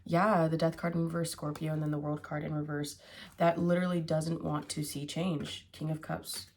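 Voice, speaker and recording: Low-voiced woman musing over tarot cards. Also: little pitch movement, moderate pace, vocal fry, darkish tone, a little hiss or hum. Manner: musing aloud, thinking in hums and fillers. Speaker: tarot reader. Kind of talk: casual tarot reading.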